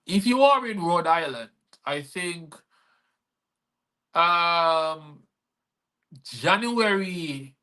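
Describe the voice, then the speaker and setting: Give me a man hosting a livestream show, bright-voiced and rambling, full of "you know". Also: a little high. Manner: rambling and earnest, with many fillers. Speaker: host and poet. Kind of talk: live-streamed talk show.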